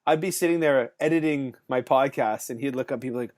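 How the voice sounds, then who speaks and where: A man's voice: medium pitch, fairly quick, a little mellow. A male podcast host in casual chat who rambles, fills his talk with "um" and "like", and laughs often. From Canada.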